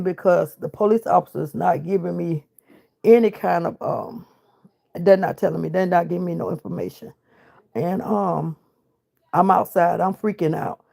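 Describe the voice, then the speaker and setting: In a lowish, creaky, mellow voice, a middle-aged mother recounts the loss she has suffered, full of feeling and acting out what was said.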